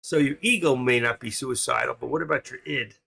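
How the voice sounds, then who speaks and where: This trading livestream host, a man with a New York accent from Queens, rambles and jokes as he reasons out loud in casual chat. He talks a little fast in a mid-range voice that's gravelly, bright, forceful and slightly rough.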